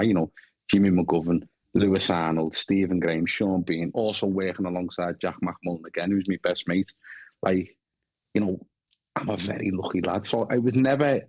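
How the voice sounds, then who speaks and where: Scouse actor, thirties, low voice, loose chatty talk, dry close recording. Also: male voice, fairly even intonation, fairly quick, a little mellow, no echo. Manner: chatty, swears freely, frequent restarts. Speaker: actor guest. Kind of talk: casual chat.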